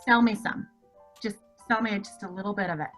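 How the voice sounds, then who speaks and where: A woman's voice: mid-range voice, a little fast, a bit bright, soft background music. A woman playing an improv comedy scene over a video call, pushy and exclamatory. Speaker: improv player.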